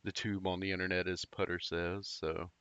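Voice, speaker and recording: A man's voice: sits low, flat delivery, normal speed, fairly bright tone, clean tone, no echo, muffled recording. A man casually telling a personal story, rambling and profane, with lots of fillers and restarts.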